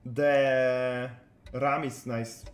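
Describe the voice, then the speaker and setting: A man's voice: medium pitch, little pitch movement, very slow, soft background music. A man commenting on a card game as he plays live, chatting with his viewers in a loose way. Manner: chatty, answers viewer chat while playing. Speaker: streamer. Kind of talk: live-stream gameplay commentary. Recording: roomy echo.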